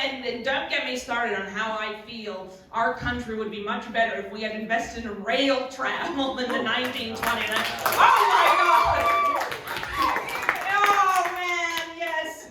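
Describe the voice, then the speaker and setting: A young adult woman from Maryland performing a stand-up comedy set, telling a story with big shouted punchlines. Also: a little high. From Maryland, USA. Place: comedy club stage. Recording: echoey club from a distant mic.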